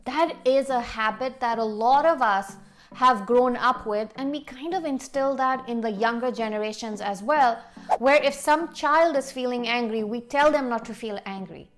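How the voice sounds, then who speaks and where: A woman's voice: fairly high pitch, normal speed, faint music behind. A woman life coach giving earnest, direct self-help advice. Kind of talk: motivational coaching talk.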